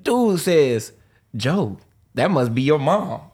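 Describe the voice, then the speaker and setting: A man's voice: on the high side, big pitch swings, takes it slowly, a little mellow, slightly rough. A man hosting a podcast, bantering and laughing a lot in casual chat. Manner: laughs often, joking banter. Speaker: podcast host.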